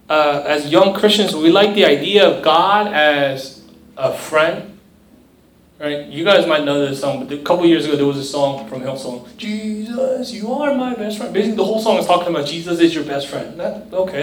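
A young man gives a casual, chatty sermon to a youth group in a high voice, always checking in with the listeners. He is recorded from across an echoey room, some way from the mic. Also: normal speed, fairly bright tone, distant mic. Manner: conversational, asks the crowd "right?" often, mimics voices. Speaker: youth pastor.

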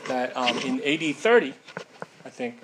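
A man's voice: medium pitch, expressive, moderate pace, noisy background. A man preaching a casual sermon in a conversational way, with many fillers and frequent tag questions.

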